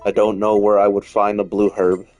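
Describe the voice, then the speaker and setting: A man's voice: fairly low pitch, completely flat delivery, normal speed, darkish tone, dry recording, faint music behind. A man giving casual let's-play commentary as he plays, rambling, repeating himself and swearing freely. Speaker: gaming streamer.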